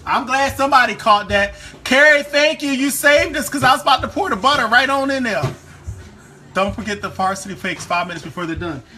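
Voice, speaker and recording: A man's voice: extremely high pitch, animated, brisk, sharp tone, soft background music. A man from Maryland's Eastern Shore with a hint of its accent, chatting casually with viewers while cooking in his home kitchen. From Eastern Shore of Maryland, USA. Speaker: host of a live cooking stream. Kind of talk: casual live-stream cooking chat.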